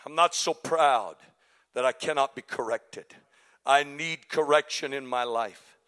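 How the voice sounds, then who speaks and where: A male pastor preaching a sermon in a church, moving between loud shouted exhortation and quiet, hushed storytelling. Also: medium pitch, unhurried. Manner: swings from shouted preaching to hushed, breathy confession. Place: church sanctuary.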